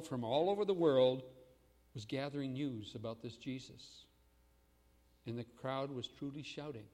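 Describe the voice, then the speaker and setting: A man preaching a sermon as pastor, swinging between loud proclamation and hushed asides. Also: mid-range voice, long reverb tail.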